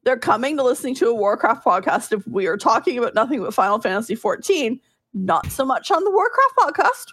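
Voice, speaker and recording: A woman co-hosting a casual gaming podcast, teasing with quick comebacks. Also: a little high, sing-song, fairly bright tone. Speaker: podcast co-host.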